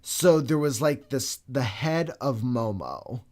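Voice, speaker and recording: A man co-hosting a podcast, telling a story in casual chat, animated and swearing freely. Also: mid-range voice, slow. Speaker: podcast co-host.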